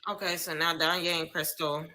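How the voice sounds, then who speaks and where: A woman's voice: low-pitched, little pitch movement, fairly quick, pushed and bright, low-quality recording. A young woman giving live reaction commentary on reality TV, exclaiming and talking to her viewers in casual slang.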